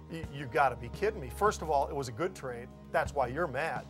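Fairly high-voiced, emphatic man. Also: animated, quick pace, few pauses, soft background music. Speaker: floor trader. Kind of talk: documentary interview.

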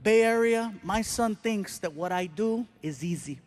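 A middle-aged man with a notably high voice tells a stand-up comedy story live on stage. He is animated and playful, and he switches into the people in the story as he acts out their dialogue. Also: a little slow, soft background music.

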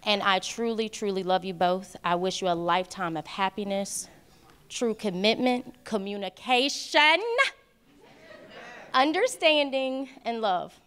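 A woman's voice: mid-range voice, a little slow, fairly bright tone, smooth. A woman giving a heartfelt, earnest wedding toast as the bride's best friend, speaking at a wedding reception. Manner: heartfelt, earnest, faith-filled speech.

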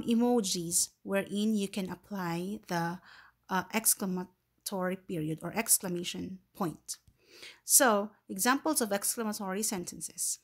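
A woman with a Filipino accent teaching a grammar lesson to young English learners, patiently repeating points and reading example sentences aloud with emphasis. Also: mid-range voice. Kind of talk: slow, deliberate online lesson for young learners.

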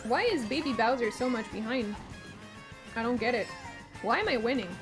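A woman's voice: a little high, lively intonation, normal speed. A French-Canadian woman with a Quebec accent, chatting casually and swearing while streaming a game, her voice strained from a sore throat. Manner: chatty, swears a lot, laughs often. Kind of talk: casual gaming stream chat. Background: game music.

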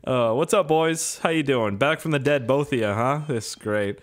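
Loud engine noise from a driving game runs beneath a man's mid-range voice as he plays. The gaming YouTuber talks at a normal speed, his commentary relaxed, foul-mouthed, and meandering.

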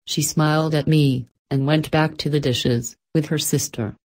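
Calm female audiobook narrator with a low voice and measured pacing. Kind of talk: scripted narration.

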